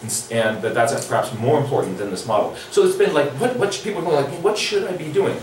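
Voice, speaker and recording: A middle-aged man leading a drawing workshop, chatting with his audience in a playful, animated way. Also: medium pitch, fast, slight background noise. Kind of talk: live workshop lecture. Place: large echoey lecture room. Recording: echoey hall recording from far off.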